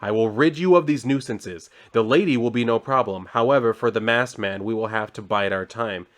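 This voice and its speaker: A man reading the lines of a calm, ruthless male hired assassin from a comic, in a flat, matter-of-fact way. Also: on the low side, normal speed, natural voice. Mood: cold.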